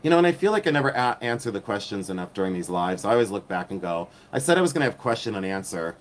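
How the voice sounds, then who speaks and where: A man's voice: on the low side, very animated, quick pace, slight background noise. A middle-aged man hosting a casual live stream, rambling with many ums and turning sassy and catty when riled.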